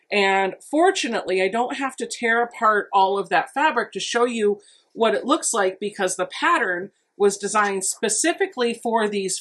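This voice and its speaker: A woman's voice: mid-range voice, a bit bright. A woman quilting vlogger giving a chatty, enthusiastic unboxing walkthrough, thinking aloud as she goes. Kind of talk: casual unboxing narration.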